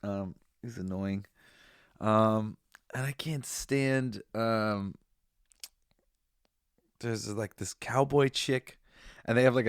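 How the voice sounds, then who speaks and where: His voice is fairly low and smooth, recorded dry with clean studio sound. As a podcast host, he gives a casual, enthusiastic review that's rambling, profane and emotional, tearing up amid restarts and laughter.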